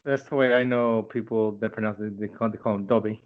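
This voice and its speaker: A man's voice: fairly low pitch, steady tone, brisk. A man co-hosting a casual chat show, loose and joking, swearing freely. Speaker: podcast co-host. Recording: dull lo-fi audio.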